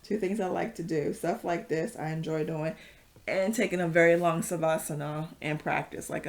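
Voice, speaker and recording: A woman's voice: low voice, gravelly. A woman leading a casual yoga class, chatty and rambling, with many fillers and frequent laughs. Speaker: yoga instructor.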